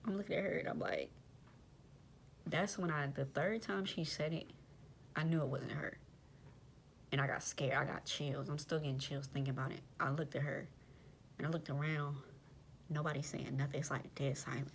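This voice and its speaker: A woman's voice: deep voice, steady tone, moderate pace, gravelly, pauses often, slight background noise. A young woman, animatedly telling a personal story in slangy casual speech and addressing her listeners directly.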